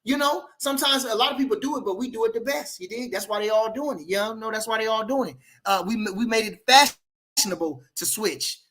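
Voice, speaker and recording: Loud, profane boxing livestream host. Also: male voice, sits high, fairly quick. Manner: profane, boisterous trash talk full of "you know" fillers. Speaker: boxing channel host reading live chat. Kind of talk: livestream rant.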